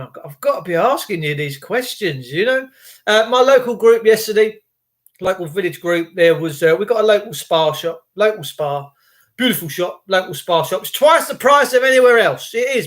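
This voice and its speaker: A man's voice: high-pitched, a bit bright. A man, hosting a casual livestream, rambling and indignant as he greets viewers by name. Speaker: livestream host.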